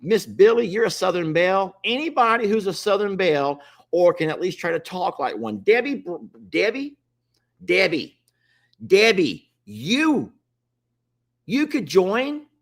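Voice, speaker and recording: A man's voice: high voice, sing-song, normal speed. A man casually hosting a livestream, chatting and pleading with viewers to join. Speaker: livestream host.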